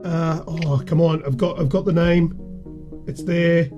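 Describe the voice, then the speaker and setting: A podcast host running a word game in casual chat, teasing and animated. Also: mid-range voice, unhurried, muffled recording. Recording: music playing underneath. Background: music.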